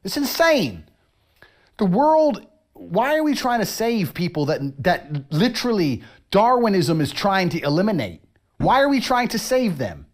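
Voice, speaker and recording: A man's voice: high-pitched, big pitch swings, a little slow. A man with a boastful, profane and mocking manner, delivering a brash ranting monologue. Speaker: internet personality in viral clips.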